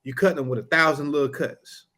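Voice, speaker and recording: A man who works as a trial lawyer, co-hosting a podcast and telling courtroom stories in a casual, animated way, acting out the exchanges. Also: fairly high pitch, fast. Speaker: podcast co-host. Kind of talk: casual storytelling chat.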